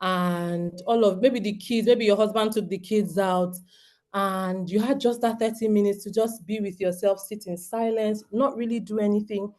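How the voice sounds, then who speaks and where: A woman's voice: mid-range voice, fairly even intonation, normal speed, a little mellow. A Nigerian woman in her thirties speaks to a group of homeschooling parents. She is earnest and direct, and she keeps turning to her listeners with questions. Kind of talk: talk to parents.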